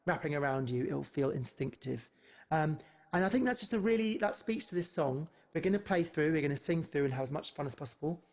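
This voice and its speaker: A man's voice: a little high, a little mellow. Playful chatty male choir leader. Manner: playful, chatty, quick asides. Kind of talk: online choir lesson. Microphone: computer mic on a video call.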